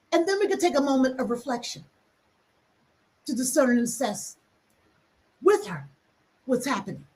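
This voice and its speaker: A woman hosting a reflective teaching talk, speaking emphatically and acting out quick asides. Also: high voice, very animated, a little mellow. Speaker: host.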